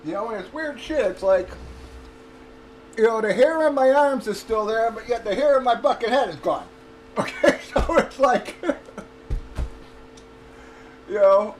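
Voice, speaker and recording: A man's voice: very high voice, animated, unhurried, pauses often. A middle-aged man talking casually and bluntly, swearing and laughing often as he vents about his cancer treatment. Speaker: livestreamer. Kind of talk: casual chat. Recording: roomy echo, distant from mic, faint noise.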